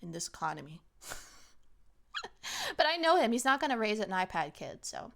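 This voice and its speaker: A woman's voice: mid-range voice, very animated, normal speed, vocal fry, fairly bright tone. A woman from Canada, a streamer ranting sarcastically in a casual chat stream from home.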